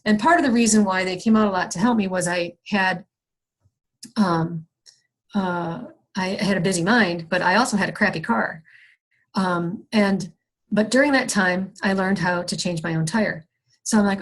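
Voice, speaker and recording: A young woman leads an online wellness session over a video call. Her voice sits at an average pitch, and her delivery is conversational and reflective, full of fillers and self-corrections as she works through a personal story. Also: moderate pace. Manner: acts out her own past frustration with raised excited voice. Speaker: workshop facilitator.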